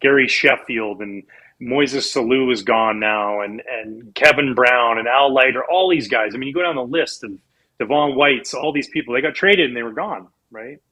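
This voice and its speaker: A man from Canada, a former professional pitcher, telling animated, rambling stories as a guest in a casual interview. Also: moderate pace, low-quality recording. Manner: animated, rambling with restarts and laughs.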